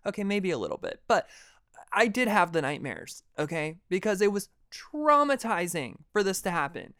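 A young man hosting a podcast, telling a personal story in a dramatic, animated way and swearing freely. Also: high-pitched, moderate pace, smooth, no echo, studio quality. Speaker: podcast host. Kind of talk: casual storytelling monologue.

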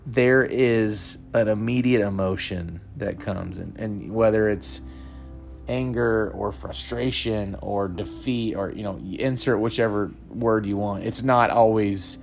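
A man's voice: lowish voice, fairly even intonation, a little slow, vocal fry, faint music behind. A young man hosting a podcast, telling a personal story earnestly and laughing now and then. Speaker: podcast host.

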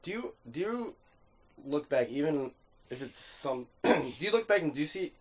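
A man's voice: fairly high pitch, animated, normal speed. A man hosting a casual interview, easygoing and laughing along with his guest.

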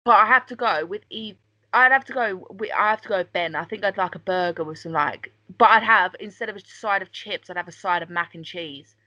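A woman's voice: medium pitch, brisk, pushed and bright, dry recording. A woman co-hosting a podcast, chatting casually with friends, rambling and giggly, swearing now and then. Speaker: podcast co-host. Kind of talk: casual banter. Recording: dull lo-fi sound.

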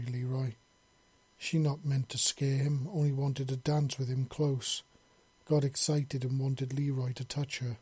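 A huge, gentle alien woman, as voiced by a man, talks about herself by name in simple broken English. The voice is flat and mellow with a husky edge, recorded dry and close. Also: medium pitch, natural voice. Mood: apologetic.

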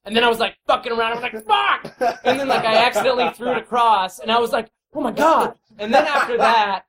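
A man telling a casual story about a video game in an animated way, swearing freely. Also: extremely high pitch, racing, crowd noise. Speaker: podcast co-host.

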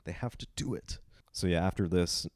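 A man with a very deep voice chatting through a movie recap. He breaks into loud, animated quotes of the lines. The sound is dry and close. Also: moderate pace, dry recording. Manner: retells scenes in animated bursts, quoting lines loudly. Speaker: podcast co-host. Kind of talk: casual film discussion.

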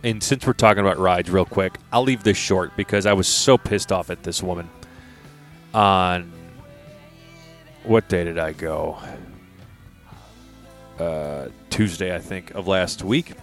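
A young man with a low voice tells a story on a casual podcast. He is exasperated and profane as he rants about other people on a ride. Faint music plays underneath. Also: measured pace, long pauses. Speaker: podcast co-host.

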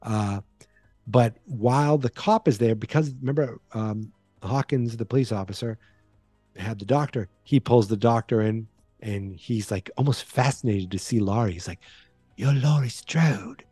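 Male podcast host, dark mellow tone, dry close sound, loose chatty recap style. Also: fairly low pitch, moderate pace, breathy edge, dry recording, soft background music. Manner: rambling, chatty, frequent fillers and restarts. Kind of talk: casual horror movie recap.

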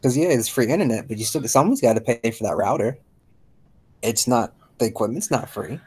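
A man's voice: mid-range voice, animated, fairly quick, darkish tone, slightly rough, rough recording. A man who teaches, talking casually as a podcast guest in a chatty, easygoing, modest way.

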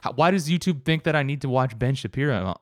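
Excitable male co-host, medium pitch, casual profanity, dry unroomy mic. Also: fast, dry recording. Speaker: podcast co-host. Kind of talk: casual chat.

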